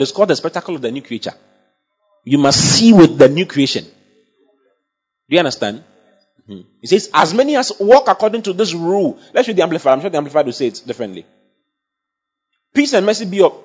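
With a slightly high, breathy voice, a preacher presses his points emphatically and repeatedly checks that the congregation is with him. The recording is dull and lo-fi.

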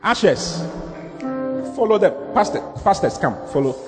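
Pastor guy preaching, slightly high voice, lots of repeat-after-me, echoey church hall, soft music behind. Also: very animated, moderate pace. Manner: call-and-response preaching, leading the congregation. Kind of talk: sermon. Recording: long hall reverb with faint music.

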